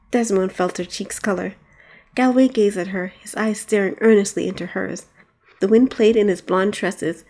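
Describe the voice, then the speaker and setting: A woman narrating her own fantasy audiobook with expressive storytelling. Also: medium pitch. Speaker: author and narrator.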